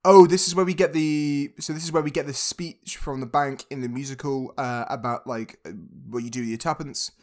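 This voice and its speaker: A man talking casually about a film with a slightly high voice. He sounds unsure at times, asks questions and checks details with the other host. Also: steady tone, a little fast, few pauses, a little mellow. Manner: tentative, checks facts with co-host. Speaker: podcast co-host.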